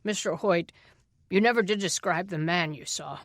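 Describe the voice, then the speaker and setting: A woman voicing a measured, soft-spoken small-town sheriff. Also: fairly low pitch, no echo, studio quality. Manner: quiet, reasoning. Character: small-town sheriff, middle-aged man, reluctant and measured.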